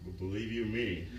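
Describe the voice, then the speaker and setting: A man's voice: fairly low pitch, background noise. A man hosting a vlog, rambling casually, giggling and trailing off. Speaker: vlog host. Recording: echoey room, distant mic, music behind.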